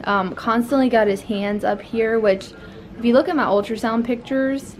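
A woman's voice: fairly high pitch, fairly even intonation, normal speed. A young woman, a new mother, chatting casually to her vlog camera, rambling with many fillers.

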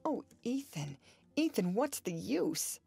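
A woman voicing a shy, tender young woman, speaking softly and hesitantly in an audiobook. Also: fairly high pitch, very animated, takes it slowly, vocal fry, breathy edge, no echo, voice pushed up, heavily acted.

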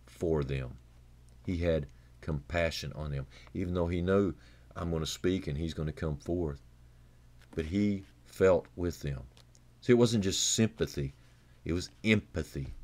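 Speaking at a measured pace and pausing often, a pastor gives an earnest, conversational radio sermon. He restarts and repeats words a lot, climbing in pitch to stress points and then sinking into a low, quiet tone.

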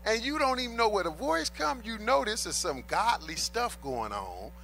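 Animated bright-voiced male preacher. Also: high-pitched, moderate pace, creaky, soft background music. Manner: emphatic, colloquial preaching with repeated refrains; addresses the congregation as brothers and sisters. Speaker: pastor. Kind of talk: sermon.

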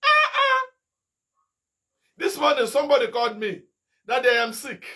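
A middle-aged man from Nigeria preaching a fiery sermon as an evangelist, firing rhetorical questions and bursting into shouted rebukes. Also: very high voice, wildly swooping pitch, normal speed.

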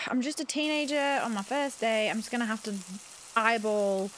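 A woman's voice: fairly high pitch, fairly even intonation, measured pace, slight background noise. Flustered woman gaming host. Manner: flustered, chatty, talks to game characters. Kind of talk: let's play commentary.

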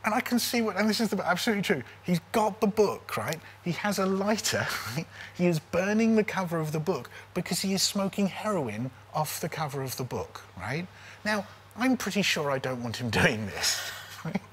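A man in his forties, a comedian guest telling a comic story in a lively, casual way, often checking in with "right?". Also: high-pitched, moderate pace, slight background noise. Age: 40s. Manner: animated, keeps tagging lines with "right?".

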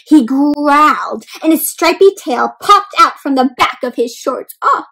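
High-voiced woman reading aloud to kids. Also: unhurried, few pauses, low-quality recording. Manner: expressive, often gasps, asks kids questions. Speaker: children's storyteller. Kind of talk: interactive read-aloud for kids.

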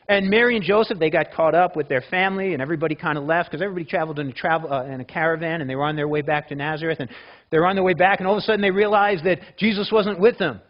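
A man preaches to a church congregation, his voice sitting high for a man. He talks in a loose, conversational way, restarting phrases and asking the listeners questions. The recording is dull and lo-fi. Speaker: pastor. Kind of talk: sermon.

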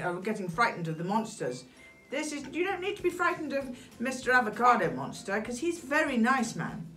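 An Englishwoman in her sixties with a British accent leads a children's craft story time, calling out to the kids in an animated, sing-song way. Her voice sits a little low for a woman, and soft music plays behind her. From England. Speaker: children's show host.

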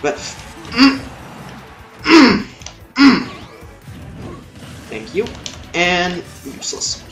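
A young man commentating his own gameplay, swearing, yelling and muttering at the game. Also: sits high, sing-song, drawn-out words, long pauses, echoey room, soft background music. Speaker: let's play gamer.

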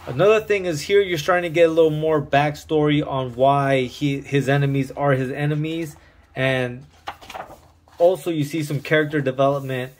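A man's voice: fairly high pitch, fairly even intonation, normal speed. A man casually reviewing an underground comic book on video, talking with loose slang, plenty of swearing and open enthusiasm.

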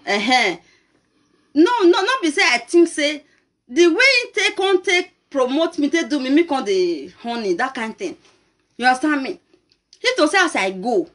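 A woman with a Nigerian Pidgin English accent hosting a talk show, telling a personal story to camera in an animated, laughing way. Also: medium pitch.

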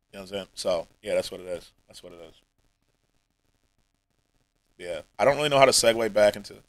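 A man streaming live, talking to his viewers in a rambling, heartfelt way. He is emotional and close to tears, and his voice often sinks almost to a mumble. The sound is dry and close, and his pitch sits in a plain middle range. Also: pushed and bright, no echo, poor audio. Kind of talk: emotional livestream chat. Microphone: streaming mic.

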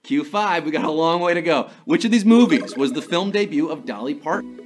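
A man hosting a live trivia game, his voice fairly high and swinging widely up and down. He reads each question with playful jokes and theatrical asides. Light music plays behind him. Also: animated, fairly quick. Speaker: quiz show host.

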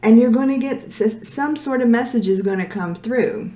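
A woman's voice: fairly high pitch, moderate pace, mellow. A woman doing a casual tarot reading who is losing her voice, direct, blunt and emphatic. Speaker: tarot reader. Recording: echoey room.

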